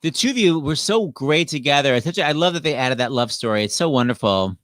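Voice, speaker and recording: Man, playful stream host, lively swooping voice, dry sound. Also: on the high side, quick pace, no room sound. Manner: playful, animated. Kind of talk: casual chat on a video stream.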